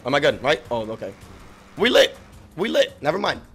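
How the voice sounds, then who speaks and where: A man giving frantic, profane gameplay commentary, yelling, laughing and trash-talking while he plays, his voice giving out. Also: a little high, very animated, brisk, husky, faint music behind. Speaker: gaming streamer.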